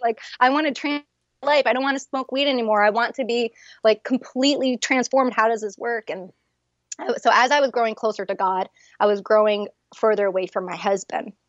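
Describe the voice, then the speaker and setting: A woman in her thirties or forties, a guest sharing her faith testimony in an animated, earnest chat. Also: a little high, a little fast, dry recording, highs cut off.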